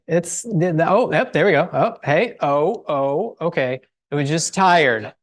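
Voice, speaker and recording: A middle-aged chapel speaker talks to a live audience in a relaxed, excitable way. The voice sits at an ordinary middle pitch and sounds close and dry, with no room echo. The talk is full of asides and jokes at the speaker's own expense. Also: takes it slowly. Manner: enthusiastic, chatty, self-deprecating humor. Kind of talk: casual faith and science talk. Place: university building, before a live audience.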